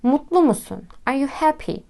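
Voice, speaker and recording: A woman with a Turkish accent, whose first language is Turkish, teaches a language lesson and patiently explains each step, repeating words slowly. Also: sits high, lively intonation, creaky, mellow.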